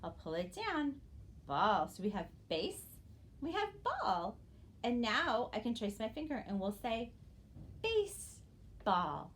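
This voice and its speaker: Female teacher for young kids: slow, bouncy intonation, encouraging, light room noise. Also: fairly high pitch, sing-song. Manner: slow, drawn-out modeling of words; encouraging, addresses young students directly. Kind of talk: early-grade phonics lesson.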